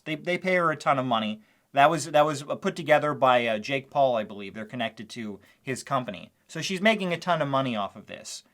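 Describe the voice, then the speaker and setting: A man's voice: fairly high pitch, fairly bright tone. A male commentary host who talks over video clips, mocking and sarcastic, with small laughs between his points.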